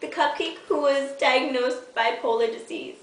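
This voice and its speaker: A woman's voice: high voice, normal speed, far from the mic, slight background noise. A teenage girl telling funny stories to the camera in a hyper, giggly, self-mocking way. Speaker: vlogger. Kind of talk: casual storytelling to camera. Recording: echoey room, voice off-mic.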